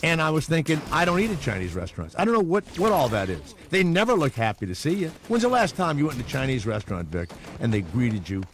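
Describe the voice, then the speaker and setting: A man from Louisiana hosts call-in talk radio. His pitch rises and falls a lot as he rambles through profane, opinionated rants and takes callers. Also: big pitch swings, fast, few pauses, slight background noise. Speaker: radio talk show host.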